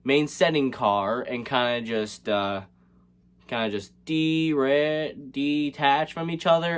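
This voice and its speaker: A man's voice: medium pitch, steady tone, slow, smooth. A man recapping a movie in a casual, comedic way, sarcastic and rambling, with many fillers and restarts. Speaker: movie reviewer.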